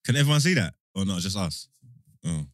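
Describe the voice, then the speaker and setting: A man co-hosting a podcast, teasing and excitable in quick banter. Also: sits low, no room sound, studio quality. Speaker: podcast co-host. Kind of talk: casual banter.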